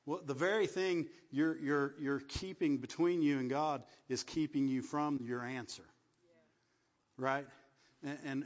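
A man preaching a sermon, often repeating words and asking the congregation "right?". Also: medium pitch. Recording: dull sound, long hall echo.

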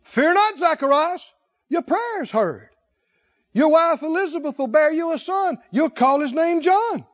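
A preacher acting a stern commanding angel. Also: male voice, very high voice, expressive, a little slow, muffled recording, pitched above the performer's own voice. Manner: emphatic, declaiming.

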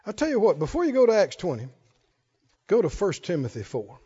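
A male pastor preaches with a high-pitched voice, trading call and response with his congregation. He swings from quiet reasoning to loud cries. The recording is dull and muffled. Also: huge pitch swings, brisk, slightly rough, long reverb tail. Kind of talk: sermon.

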